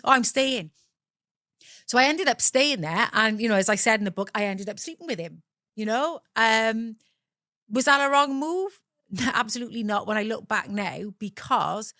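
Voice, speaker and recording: A woman's voice: medium pitch, a bit bright, no echo, studio quality. A middle-aged woman from Wales with a South Welsh accent, a guest telling her own story candidly, swearing freely and acting out the voices of people in it.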